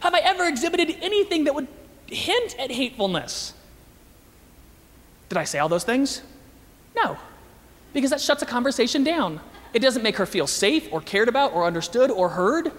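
A man giving a lively, joking talk to an audience as a Christian speaker, acting out the voices he quotes. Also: extremely high pitch, moderate pace, long pauses, big-room sound.

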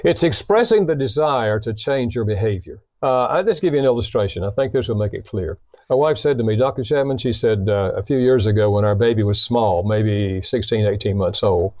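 A man's voice: lowish voice, brisk, no echo. Brief: male guest author, earnest storyteller, acts out quotes, dry close sound. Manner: animated storyteller who acts out quoted dialogue; explains with illustrations, earnest. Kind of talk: conversational teaching.

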